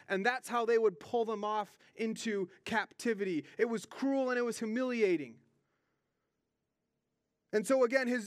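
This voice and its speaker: A man's voice: very high-pitched, no echo, studio quality. A young man preaching a sermon, earnest and conversational, often repeating words as he stresses a point. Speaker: pastor.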